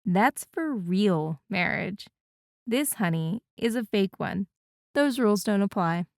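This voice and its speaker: A woman's voice: mid-range voice, expressive, takes it slowly, gravelly, no room sound. A woman voicing a wry young woman with a dry, teasing manner in an audiobook. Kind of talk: audiobook character voice.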